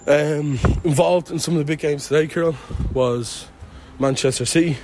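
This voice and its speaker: A man's voice: on the high side, normal speed. Young Irish man, podcast co-host, joking banter on a phone recorder with faint street noise behind. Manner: jokey, self-mocking banter. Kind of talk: casual travel chat. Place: outdoors and in an airport, walking through a city.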